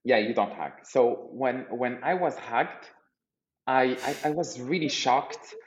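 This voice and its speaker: A man's voice: medium pitch, lively intonation, slow pace, echoey room, muffled recording. A man from Morocco in his thirties, a startup founder telling a funny story on a podcast, laughing often and repeating words as he goes. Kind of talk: casual storytelling interview.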